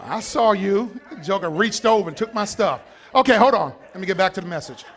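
A man preaching a sermon in a high voice. He drives his points home with fiery shouting, then drops to quieter asides. He keeps calling out to the congregation. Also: animated, brisk, soft background music, a faint crowd. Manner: calls out to the congregation.

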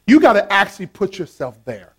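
A pastor preaching a playful, animated sermon with call-and-response to his congregation. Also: high voice, fairly quick, breathy edge.

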